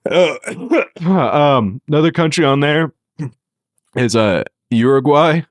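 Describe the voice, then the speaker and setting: A man's voice: a little high, animated, takes it slowly, no echo. A young man co-hosting a podcast in casual chat, laughing often and slipping into mocking impressions. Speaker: podcast co-host.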